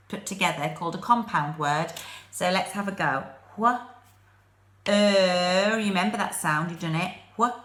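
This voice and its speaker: A woman teaching phonics to young children, sounding out letters slowly and clearly, with an English accent. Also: fairly low pitch, a bit bright, echoey room.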